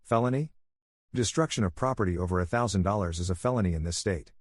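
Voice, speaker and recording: Low, husky, steady male storyteller. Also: dry recording, studio quality. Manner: measured, steady, firm. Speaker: narrator. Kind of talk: calm storytelling narration.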